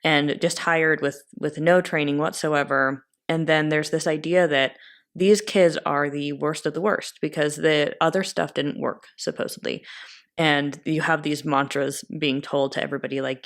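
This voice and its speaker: A woman hosting an interview speaks in a measured, thoughtful way. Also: low-pitched, steady tone. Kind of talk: conversational interview.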